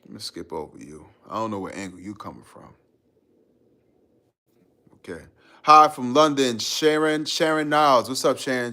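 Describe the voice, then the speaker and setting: Slangy laid-back guy on a live stream, reading chat and laughing a lot, regular middle pitch. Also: animated, moderate pace, pauses often, bright, forceful tone.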